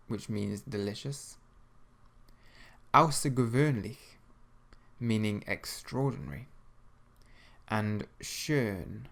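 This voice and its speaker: A man teaching an audio language lesson, patiently repeating each word slowly so learners can practice. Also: fairly low pitch, fairly bright tone.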